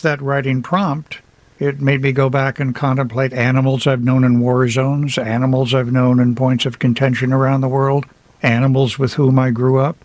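A man speaks as an author guest on a radio interview. He tells personal stories in a reflective way with touches of humor. His voice sits in a middle register and sounds dry and close, with no room echo. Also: medium pitch. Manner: reflective, anecdotal, light humor with laughs. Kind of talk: radio interview, casual storytelling.

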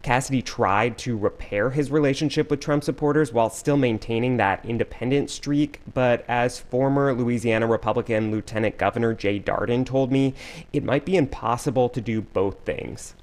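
A man reporting political news and answering an anchor's questions in a measured, clear way. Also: medium pitch.

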